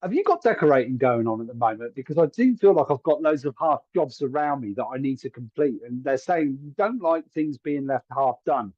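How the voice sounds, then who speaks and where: A man's voice: medium pitch, expressive, a little fast, hardly any pauses, no room sound, highs cut off. Chatty male psychic medium on a live stream. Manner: chatty, hedging, often asks if it makes sense. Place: room at home.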